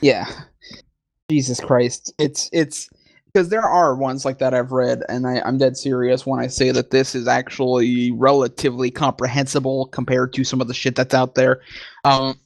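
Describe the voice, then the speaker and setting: A man's voice: mid-range voice, flat delivery, moderate pace, gravelly, no echo, clean studio sound. A man co-hosting a casual chat, joking crudely and swearing freely. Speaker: co-host.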